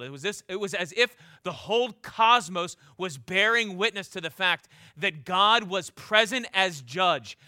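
A man preaching a sermon with passion, pressing his listeners with repeated rhetorical questions and stumbling into quick restarts. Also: high voice, bright, forceful tone, no room sound, clean studio sound.

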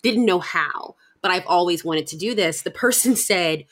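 A woman hosting a podcast who tells stories in an animated way and laughs often. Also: on the low side, normal speed. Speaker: podcast host. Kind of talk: conversational interview.

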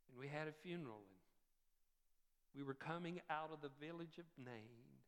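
High-voiced preacher in an echoing hall. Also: male voice. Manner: slow, theatrical, swings from shouts to hushed whispers. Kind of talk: dramatic storytelling sermon.

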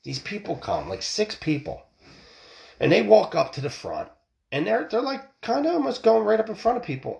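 A man's voice: on the high side, wildly swooping pitch, moderate pace, gravelly, darkish tone, muffled recording. A middle-aged man ranting and telling a story bluntly, swearing often and restarting his sentences. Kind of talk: profane ranting monologue.

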